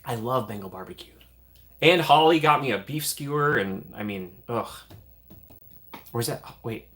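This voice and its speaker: A medium-pitched, animated male voice with a bit of brightness belongs to a livestream host. In a casual setting, he reads donations aloud with quick, repeated thanks and lots of laughs, sounding grateful.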